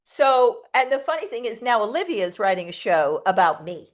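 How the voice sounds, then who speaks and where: A middle-aged woman from the United States, telling animated, profane stories in a casual interview, with lots of restarts. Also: fairly high pitch, moderate pace. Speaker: interview guest, comedic performer.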